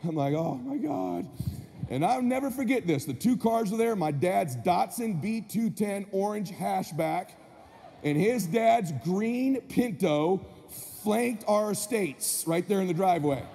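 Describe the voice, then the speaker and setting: A man with a high, mellow yet gravelly voice tells a story to a live audience. He speaks with energetic, punchy delivery. The sound is echoey, with a long hall reverb and faint background noise. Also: a little slow. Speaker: motivational speaker.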